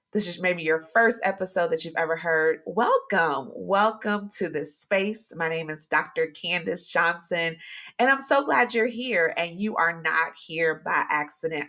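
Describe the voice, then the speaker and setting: A woman hosting a casual devotional podcast, chatty and animated, talking straight to her listeners and encouraging them, with sudden high exclamations. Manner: talks to listeners directly and warmly encouraging. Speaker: podcast host.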